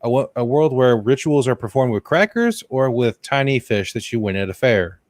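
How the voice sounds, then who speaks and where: A man co-hosting a comedy podcast, teasing his partner with quick questions in casual chat. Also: medium pitch, animated, darkish tone, dry recording. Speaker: podcast co-host.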